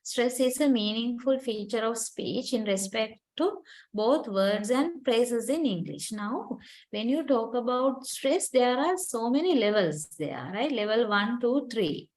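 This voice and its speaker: Woman, university lecturer, patient and questioning, many "uh"s, higher than average pitch. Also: animated, measured pace, darkish tone, low-quality recording. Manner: explains patiently, questions students, many fillers.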